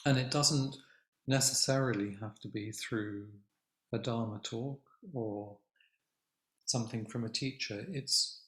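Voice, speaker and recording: An older man giving a Zen dharma talk as a teacher, speaking gently and reflectively with long pauses. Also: medium pitch. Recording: echoey room.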